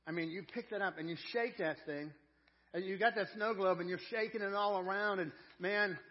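A man preaching a sermon as a pastor. He is earnest and folksy, repeats words as he searches for them, and swings between loud emphasis and quiet intensity. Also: high voice, a little fast. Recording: dull lo-fi church audio.

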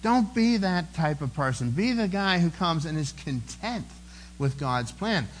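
A man preaching with a slightly raised pitch, talking to the congregation in an earnest, conversational way. He often doubles back on his words and repeats them. A faint hum sits under the recording. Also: expressive, unhurried, rough recording. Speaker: pastor. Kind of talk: sermon.

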